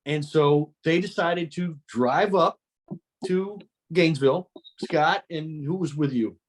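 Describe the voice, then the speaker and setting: A man's voice: a little high, takes it slowly, a little hiss or hum, low-quality recording. Podcast host, male, casual storyteller who trips over his words. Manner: rambling, repeats words while remembering.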